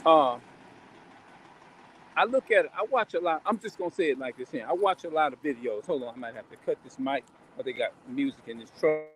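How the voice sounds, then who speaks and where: A man with a fairly high voice delivers a rambling, preachy monologue from inside a truck. He circles back and repeats himself as he talks, with vehicle sounds behind him. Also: a little fast. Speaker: vlogger preaching. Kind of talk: casual religious monologue. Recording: vehicle noise, music in truck.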